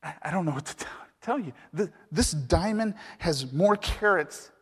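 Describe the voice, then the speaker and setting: A man's voice: high voice, expressive, normal speed, a bit bright, breathy edge, pitched above the performer's own voice, full character voice. A man playing a shaken male jeweler who stammers and exclaims in awe. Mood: awestruck. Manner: breathless, rising exclamations. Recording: echoey hall reverb.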